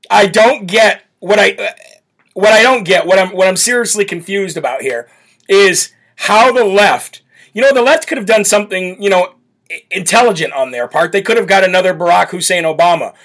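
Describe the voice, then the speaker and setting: A man's voice: sits high, normal speed, fairly bright tone. A man hosting a political talk show, brash and mocking, laughing often as he reads viewer comments. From United States. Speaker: host. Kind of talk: political talk show, reading live chat.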